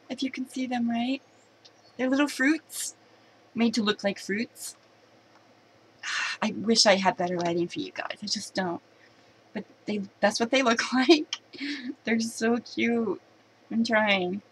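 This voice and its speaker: A woman chatting excitedly to camera while unboxing a box of candy at home, giggling and restarting her sentences. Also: mid-range voice, slight background noise, poor audio. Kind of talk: casual unboxing chat to camera.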